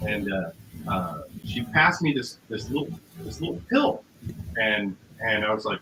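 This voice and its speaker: A man's voice: mid-range voice, lively intonation, fairly quick, pushed and bright. A man, a musician guest, telling a story casually in a rambling way, with many fillers and acted-out quotes. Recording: roomy, noisy recording.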